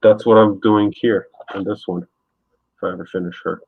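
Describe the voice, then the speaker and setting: A man's voice: deep voice, level tone, moderate pace, gravelly, slightly rough. A man hosting a live painting stream, chatting casually with a guest while he paints, rambling with lots of fillers. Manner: rambling, laid-back, frequent fillers. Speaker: streaming artist host. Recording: tinny phone-like sound, dry.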